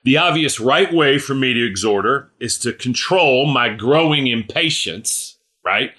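A man's voice: medium pitch, lively intonation, a little slow, bright, forceful tone. A middle-aged man preaching a sermon in a conversational way, often checking in with "right?" and "you know". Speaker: pastor.

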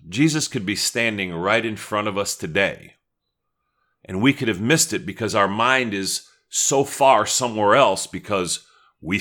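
Male pastor, deep bright voice, casual sermon delivery with prayer asides. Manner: conversational teaching with prayerful asides.

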